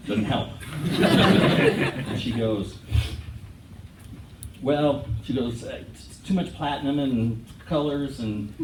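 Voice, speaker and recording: A man's voice: mid-range voice, heavy background noise. A man giving a funny retirement speech on an auditorium stage, telling stories and laughing often. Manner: joking storyteller, laughs often. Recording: roomy auditorium sound from a distance.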